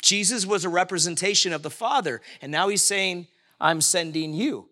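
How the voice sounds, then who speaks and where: Bright, high-voiced man preaching. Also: normal speed. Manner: conversational preaching, asks the congregation questions. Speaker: pastor. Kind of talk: sermon. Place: church, live-streamed service.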